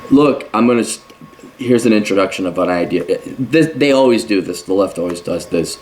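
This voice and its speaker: A man's voice: fairly low pitch, lively intonation, a little fast, darkish tone, slight background noise. A middle-aged man giving a sarcastic, mocking commentary rant while reading and reacting to an article. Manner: sarcastic, mocking, with mimicking asides. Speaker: commentary host. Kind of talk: ranting commentary.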